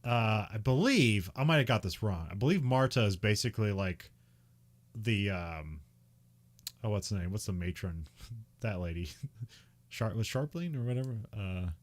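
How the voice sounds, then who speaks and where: A man's voice: lowish voice, animated, normal speed. A man co-hosting a podcast, recapping a film in casual chat, rambling with lots of fillers and little laughs. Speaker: podcast co-host.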